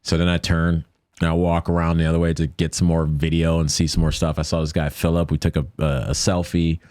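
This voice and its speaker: American guy, deep voice, podcast guest telling a story, keeps acting out what people said. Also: a little fast, dry recording, studio quality. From United States. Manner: animated retelling that acts out quoted voices.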